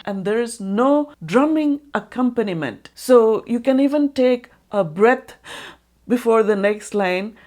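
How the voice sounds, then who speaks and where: A woman narrating a scripted music lesson, explaining clearly and slowly and speaking rhythm patterns aloud as demonstrations. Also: a little high, animated, darkish tone.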